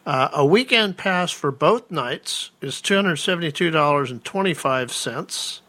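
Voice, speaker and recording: A man's voice: on the high side, expressive, a little slow, pushed and bright. A man co-hosting a casual chat, reading out event listings with playful, joking asides. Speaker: co-host.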